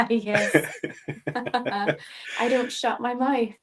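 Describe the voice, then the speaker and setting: A woman's voice: on the high side, fairly even intonation, very slow, fairly bright tone. A young Irish woman, a fighter guest in an interview, talking casually, swearing freely and laughing often. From Ireland.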